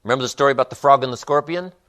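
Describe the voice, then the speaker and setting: A man's voice: mid-range voice, rapid-fire, a bit bright. A man giving a live motivational seminar, speaking emphatically with rhythmic repetitions and storytelling. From United States.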